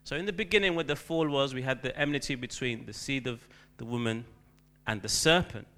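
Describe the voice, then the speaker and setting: A man's voice: mid-range voice, brisk, sharp tone. A man preaching a sermon, talking loosely and hesitantly with lots of ums and uhs. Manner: rambling, hesitant with many fillers.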